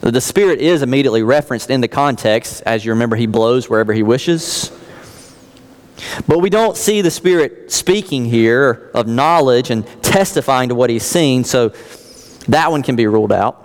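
A man's voice: medium pitch, animated, moderate pace. A man in his thirties, a pastor preaching an earnest sermon and reading scripture aloud. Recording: long reverb of a large hall.

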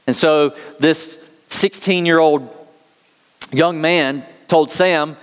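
A man's voice: on the high side, fairly even intonation, slow, smooth, big-room sound. An American man preaching a sermon as pastor, telling a story in earnest and reading scripture aloud. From United States.

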